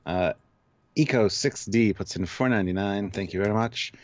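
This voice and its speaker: Canadian male co-host, very deep voice, laid-back and dry, dull lo-fi stream audio. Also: normal speed. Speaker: co-host reading chat. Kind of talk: casual live-stream chat.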